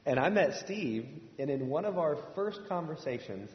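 A man's voice: a little high, lively intonation, moderate pace. A man from Indiana preaching a sermon to a congregation, telling a story in a conversational way and asking the room questions. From Indiana, USA. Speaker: pastor. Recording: echoey hall, dull sound.

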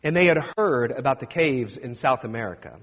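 A man preaching and telling a story dramatically, swinging between loud and hushed. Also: medium pitch, lively intonation, a little fast, breathy edge. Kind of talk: sermon storytelling. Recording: dull sound with long hall reverb.

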